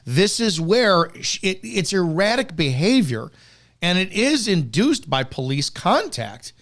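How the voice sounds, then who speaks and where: A man with a somewhat high-pitched voice gives heated, profane commentary on police footage. He talks bluntly and cuts in sharply. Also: sing-song, a little slow, a bit bright. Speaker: host reviewing police footage.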